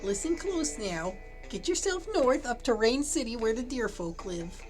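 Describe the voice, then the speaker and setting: A woman puts on a doting mother cow with a thick folksy Midwestern accent, for a cartoon game. Her voice sits high and sweet. Faint background music hums along. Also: animated, moderate pace, natural voice.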